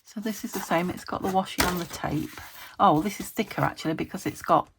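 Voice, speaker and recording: A woman from the UK with a lowish voice chats casually to camera while making a craft, talking a little fast. She meanders and talks to herself as she works on her crafting video, with background noise audible.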